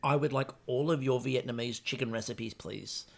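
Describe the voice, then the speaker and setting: A man's voice: medium pitch, moderate pace, vocal fry. A man co-hosting a podcast, chatting casually about a baking show in a rambling, jokey way. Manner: rambling, jokey, with many restarts and acted-out quotes. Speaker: podcast co-host.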